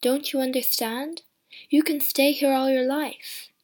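A woman's voice: high-pitched, fairly even intonation, unhurried, a little mellow, voice pushed up. A woman voicing an earnest kind doctor. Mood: earnest, insistent.

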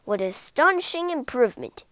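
A woman voicing a strict male maths teacher who yells and barks at his pupil. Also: high-pitched, very animated, a little fast, no room sound, clean studio sound. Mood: amazed. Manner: barking, yelling.

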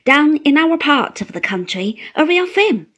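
A woman voicing a mild, meek elderly little man, a country doctor, who speaks slowly, with deference and apology. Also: high-pitched, sing-song, a bit bright, voice pushed up, full character voice. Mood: meek, deferential.

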